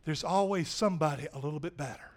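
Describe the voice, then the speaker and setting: Fervent high-voiced male preacher. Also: fast talker. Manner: fervent preaching, swings from loud urgent to hushed. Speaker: pastor. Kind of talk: sermon.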